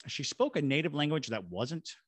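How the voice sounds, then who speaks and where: With a slightly high, sing-song voice that's a bit bright, this man speaks at a moderate pace with no echo. A ghost tour guide and paranormal investigator from Savannah, Georgia, he tells a story on a podcast, acting out voices and sound effects.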